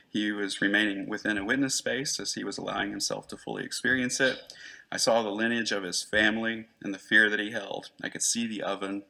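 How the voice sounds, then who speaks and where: A man giving a conference talk, reading prepared case notes in an earnest, measured way. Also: fairly low pitch, creaky, pushed and bright. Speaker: conference presenter, therapist.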